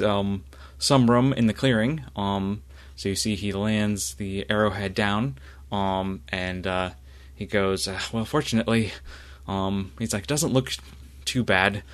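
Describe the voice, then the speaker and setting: A man narrating a tabletop game as game master, halting and full of fillers. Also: fairly low pitch, steady tone, clear, resonant tone.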